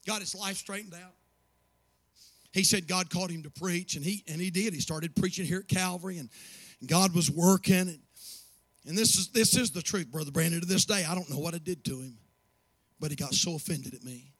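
A man preaching a sermon as pastor, building from low, quiet asides to impassioned shouts. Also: no echo.

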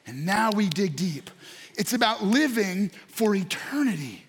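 Man, very high voice, pastor, sermon, animated, excited shouting bursts, talks to the congregation. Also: measured pace, husky. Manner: addresses congregation and online viewers directly.

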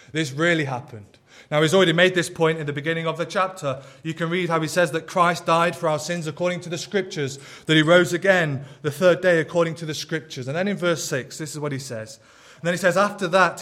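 A man preaching a sermon in an earnest, emphatic way. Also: on the high side. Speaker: pastor.

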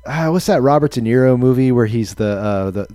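Laid-back man, podcast co-host, mellow voice, dry deadpan delivery. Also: medium pitch, a little fast, no room sound. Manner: dry, laid-back, often laughing and trailing off. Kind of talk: casual chat.

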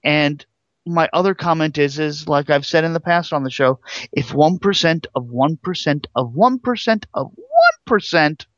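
A man's voice: on the high side, big pitch swings, moderate pace, fairly bright tone, dry recording, highs cut off. A man co-hosting a casual call-in talk show, rambling earnestly with frequent restarts. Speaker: co-host. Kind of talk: casual radio-style call-in chat.

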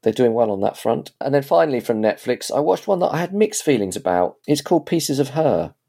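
A man's voice: mid-range voice, big pitch swings, a little fast, creaky, dark tone, husky. A man in casual chat, reviewing TV series in a rambling, chatty way with frequent restarts.

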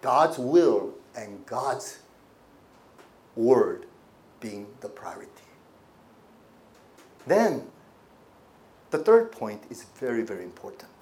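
A man preaching a sermon as pastor, with animated delivery and congregation call-and-response. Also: mid-range voice.

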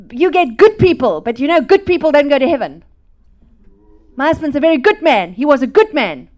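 With a high pitch, a middle-aged woman from South Africa preaches her testimony, laughing and animated, her volume rising loud and dropping to a hush.

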